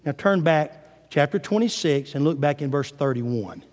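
A man's voice: a little high, animated, normal speed, a little mellow. A male preacher giving a sermon, retelling scripture dramatically in a church sanctuary. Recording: long hall reverb.

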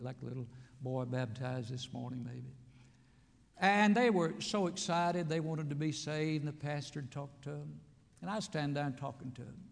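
A preacher with a fairly high, gravelly voice delivers a sermon in a church. He swings from emphatic calls to quiet, hushed storytelling. A long reverb from the church hall trails each phrase. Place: church sanctuary.

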